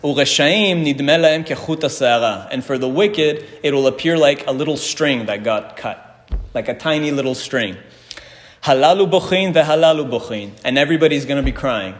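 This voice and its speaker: A man leads a Talmud class at a steady middle pitch. He reads each Hebrew and Aramaic line aloud, explains it in English and turns to the room with questions. His voice rings with a long reverb, as in a hall. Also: normal speed. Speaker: Torah teacher.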